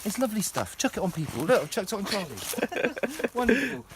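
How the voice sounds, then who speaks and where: A man's voice: high-pitched, sing-song, brisk, noisy background. A man giving a passionate, emotional walking tour of his plant nursery, talking to camera outdoors.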